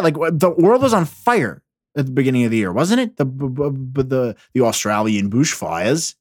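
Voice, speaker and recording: A man's voice: medium pitch, expressive, normal speed, a little mellow, dry recording, studio quality. A man hosting a casual solo podcast, ranting about the news with heavy profanity and rambling restarts. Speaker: podcast host.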